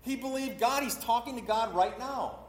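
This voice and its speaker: Middle-aged preacher guy, pretty high voice, giving a sermon in a big echoey church. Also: normal speed. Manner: acts out voices in quotes, talks with a congregation. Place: church hall. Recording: echoey hall.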